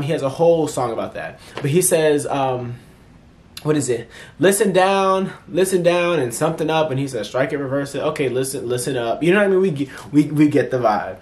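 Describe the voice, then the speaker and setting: A man's voice: medium pitch, a little hiss or hum. Chatty man gushing in a movie review. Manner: chatty, animated, many fillers and restarts; acts out characters' lines in playful voices. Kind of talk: casual movie review vlog.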